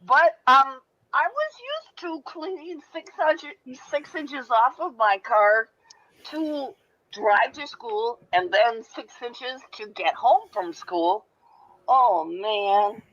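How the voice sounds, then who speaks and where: A woman from Michigan rambles through a casual chat with jokes and the odd swear. Her voice sits fairly high. The sound is muffled and lo-fi. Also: expressive, slow, fairly bright tone. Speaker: panelist. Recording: muffled lo-fi audio.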